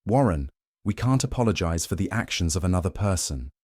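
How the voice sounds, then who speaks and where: A man's voice: deep voice, expressive, fairly quick, darkish tone, no echo, clean studio sound. A man voicing a fierce young werewolf leader's mate, a woman with a cold, cutting and scornful way of speaking. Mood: stern.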